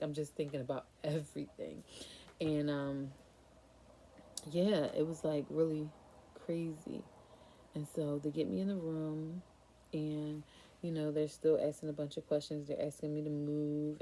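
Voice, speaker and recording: A woman's voice: sits low, dark tone. A young woman vlogger casually telling a frightening personal story, with many fillers and nervous laughs.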